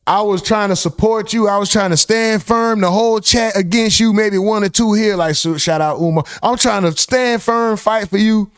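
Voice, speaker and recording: A man's voice: high-pitched, moderate pace, hardly any pauses, clear, resonant tone, no room sound, clean studio sound, faint music behind. A young man hosting a live reaction stream, reacting in disbelief, swearing and reading chat comments aloud.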